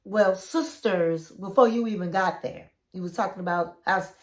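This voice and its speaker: Woman doing a calm young man explaining himself. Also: fairly low pitch, normal speed, echoey room, pitched below the performer's own voice, close to an everyday voice. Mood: earnest.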